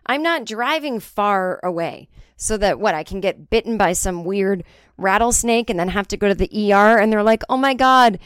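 A woman's voice: mid-range voice, normal speed, smooth, dry recording, studio quality. A woman comedian hosting her own podcast, talking in a candid, rambling and sometimes profane casual monologue. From United States.

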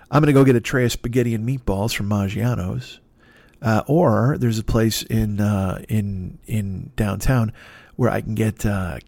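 A man hosting a solo podcast from his dark apartment, telling rambling, profane stories in a casual monologue. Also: lowish voice, vocal fry, no echo. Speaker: podcast host.

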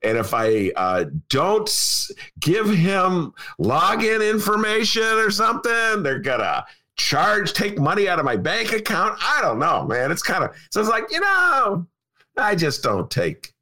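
An older man hosts a talk show with a gravelly, bright voice that swings wildly in pitch. He rambles through stories, laughs often and breaks into loud outbursts. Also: wildly swooping pitch, measured pace. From Chicago. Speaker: podcast host. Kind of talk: casual political chat.

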